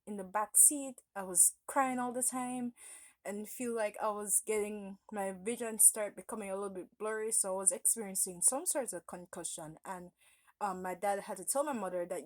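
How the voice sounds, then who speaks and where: A woman's voice: mid-range voice, no echo. A woman vlogger telling a personal story in a casual, rambling way, often stopping to correct herself.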